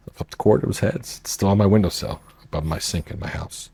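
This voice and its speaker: Low, husky-voiced man telling a story. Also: quick pace, warm tone. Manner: rambling, acts out quoted dialogue. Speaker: political candidate and marina owner. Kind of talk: casual storytelling. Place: at a marina boat club.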